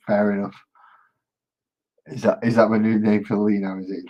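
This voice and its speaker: A man with a deep, slightly husky voice talks casually to his live-stream viewers as he paints. He rambles from one thought to the next and jokes with the chat. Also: flat delivery, normal speed, warm tone, highs cut off. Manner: rambling, joking, chats with viewers.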